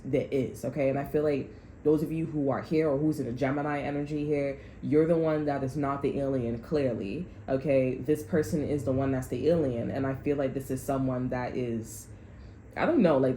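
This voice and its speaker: A woman with a low, mellow voice rambles heatedly through a casual tarot reading, swearing freely as she goes. Her voice rings in an echoey room with faint noise behind it. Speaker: tarot reader.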